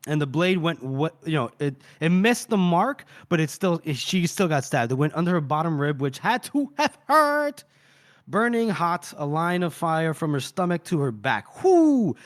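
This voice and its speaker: A man co-hosting a podcast who retells a book chapter in a rambling, animated way, swearing casually and filling pauses with "uh" and "you know". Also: fairly high pitch. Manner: rambling, animated, profane, with many fillers. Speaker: podcast co-host.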